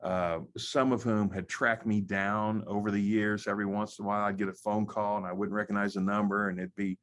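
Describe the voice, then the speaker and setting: A middle-aged American pastor, his voice sitting a little low. He talks in a conversational way, full of fillers and restarts. He tells his story haltingly as an interview guest. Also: little pitch movement, fairly bright tone. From United States. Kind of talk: conversational testimony.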